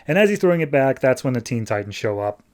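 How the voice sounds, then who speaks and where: A man's voice: mid-range voice, very animated, quick pace. A man hosting a podcast, recapping a comic issue in a casual, chatty, wry way. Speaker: podcast host.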